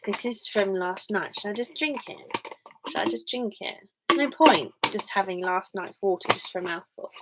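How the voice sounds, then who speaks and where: A woman's voice: mid-range voice, background noise. A young English woman live streaming, chatting casually and rambling to her viewers. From England. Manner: rambling and chatty, full of fillers.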